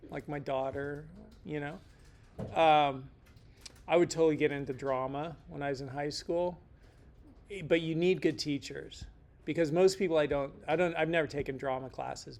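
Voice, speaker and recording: A man's voice: fairly high pitch, fairly even intonation, normal speed. A middle-aged man teaching a casual lecture in a rambling, joking way, full of slangy asides. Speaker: instructor.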